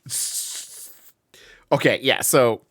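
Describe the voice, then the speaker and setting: A man co-hosting a podcast, excitedly recapping a comic book issue, laughing often and acting out the characters' lines. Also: mid-range voice, drawn-out words, no echo, studio quality. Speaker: podcast co-host.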